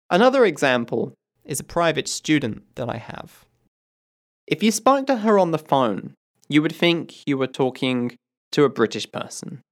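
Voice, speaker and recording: A man teaching English in a podcast monologue, speaking emphatically and building his points through rhetorical questions. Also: a little high.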